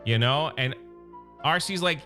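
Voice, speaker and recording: Male comic recapper, excitable fan energy, forceful slightly high voice, faint music under. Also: unhurried. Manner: excited fan, openly biased and chatty. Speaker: comic book reviewer. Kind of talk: casual comic recap commentary.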